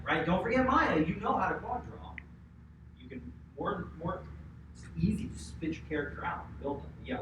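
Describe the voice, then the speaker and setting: Energetic male instructor in echoey classroom. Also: fairly high pitch, distant mic. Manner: energetic, chatty, asks the class questions. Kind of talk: classroom lecture. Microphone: distant room mic. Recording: echoey classroom recorded from afar, noisy.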